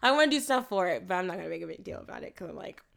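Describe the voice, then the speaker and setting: A woman's voice: lowish voice, lively intonation, racing, gravelly, a bit bright. A woman in her late twenties, co-hosting a casual chat and recapping a film, laid-back, swearing freely and laughing often. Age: late 20s. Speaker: podcast co-host recapping a film.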